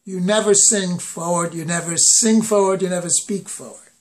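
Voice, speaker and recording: A man's voice: high voice, steady tone, moderate pace. A man giving a voice lesson, explaining where he places the sound and breaking into sung phrases to demonstrate. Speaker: voice teacher.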